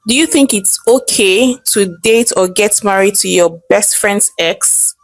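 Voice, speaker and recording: A woman with a Nigerian accent narrating a folktale in a lively, chatty way. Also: mid-range voice, unhurried. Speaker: storyteller. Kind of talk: storytelling narration.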